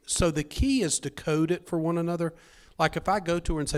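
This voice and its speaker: A man speaking on a business panel, an excitable storyteller who jokes as he talks about ideas and communication with his wife. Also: fairly high pitch, fairly quick, clear, resonant tone. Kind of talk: casual panel talk.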